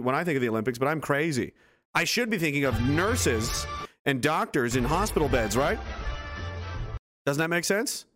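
A man talking over a video he is watching, with a voice pitched a bit above the usual. He sounds incredulous and heavily sarcastic, swearing freely, and faint music plays underneath. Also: fairly bright tone. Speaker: commentator reacting to footage. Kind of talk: casual sarcastic reaction commentary.

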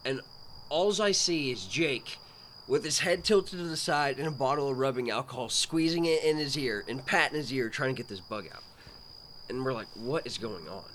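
A man's voice: medium pitch, normal speed, fairly bright tone, slight background noise. A man telling a story in casual chat outdoors at night, laid-back and laughing as he goes. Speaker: podcast guest. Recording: faint outdoor night ambience with crickets.

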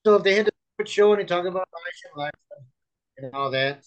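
A man's voice: high voice, moderate pace, lo-fi sound. A man, a chaplain and author, earnestly telling a rambling personal testimony over a remote call, full of fillers and restarts.

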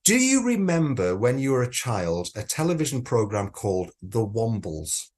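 A man's voice: mid-range voice, very animated, normal speed, a little mellow. A man co-hosting a podcast in casual, playful chat, rambling with many restarts, just over an illness. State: recovering from illness. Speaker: podcast co-host.

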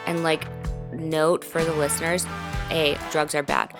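A woman hosting a podcast, telling a personal story in a casual, animated way, with lots of fillers and swearing. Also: low voice, a little slow, over music. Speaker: podcast host.

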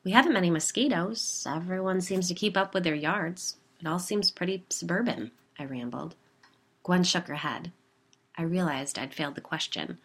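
A woman narrating a first-person story in a calm, measured way. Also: low voice, creaky, slightly rough.

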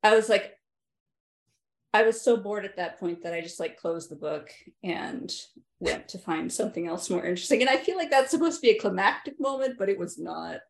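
A woman's voice: medium pitch, lively intonation, a little fast, vocal fry. A woman on a book podcast, sounding bored and unimpressed, saying "like" a lot. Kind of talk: casual book discussion.

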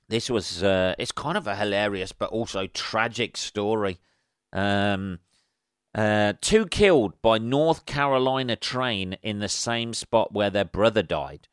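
A man's voice: lowish voice, clean tone, no echo, studio quality. A man hosting a solo comedy podcast. He rambles through sweary, wry asides with plenty of ums. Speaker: podcast host. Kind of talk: solo comic podcast monologue.

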